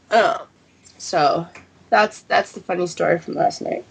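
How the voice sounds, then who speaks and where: A woman's voice: fairly low pitch, slow pace, gravelly, pauses often, poor audio. A woman who is sick, telling a casual story and acting out family dialogue, swearing freely.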